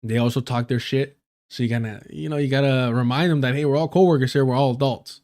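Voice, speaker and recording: A man hosting a live stream, chatting loosely and swearing often. His tone is joking and full of slang, at an ordinary pitch for a man. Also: fairly even intonation, quick pace, a little mellow. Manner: profane, joking, uses a lot of slang. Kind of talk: casual storytelling on a live stream.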